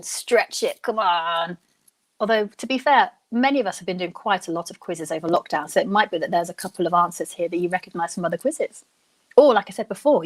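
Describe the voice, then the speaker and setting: A young woman hosting a live online quiz, chatting and thinking out loud, reading each question slowly and then repeating it. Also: on the low side. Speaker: quiz host.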